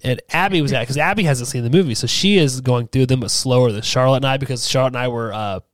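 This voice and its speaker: A man's voice: mid-range voice, fast, dry recording. Man in casual podcast chat, dry sound. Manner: rambling storyteller, acts out family quotes. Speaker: podcast host.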